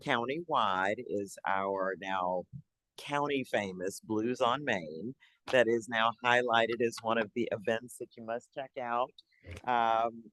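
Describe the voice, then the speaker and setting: A man on city economic development staff, giving an upbeat, chatty update to a public board meeting and pausing now and then to find his papers. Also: lowish voice, a bit bright, no echo, poor audio.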